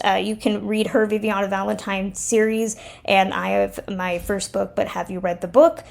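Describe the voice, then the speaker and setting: A woman host delivers a brisk, upbeat podcast outro at a middle pitch. Her voice has a noticeable gravelly fry. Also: darkish tone.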